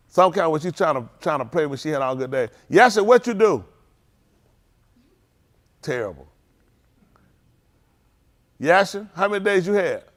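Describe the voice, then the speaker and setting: A man leading a youth group at a congregation, bantering and teasing the young people before opening a Bible lesson. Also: high-pitched. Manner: playful, teasing, banters with the audience.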